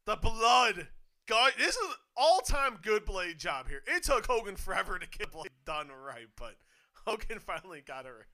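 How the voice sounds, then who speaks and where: A man giving excited live wrestling commentary, swinging from hushed muttering to sudden shouts, swearing and laughing often. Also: high voice, normal speed. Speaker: co-host of a wrestling watch-along.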